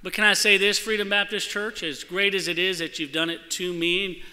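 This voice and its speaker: Male preacher, high and very bright tone, animated storyteller, long church-hall reverb. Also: normal speed. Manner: animated storytelling, acts out quoted voices. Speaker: church speaker. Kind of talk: sermon with personal story. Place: church sanctuary.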